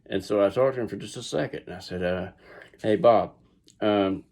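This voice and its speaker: A man's voice: fairly low pitch, fast talker, creaky, a little mellow, breathy edge. A middle-aged man with a Southern US accent tells a story casually, rambling with restarts and asides. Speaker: vlogger.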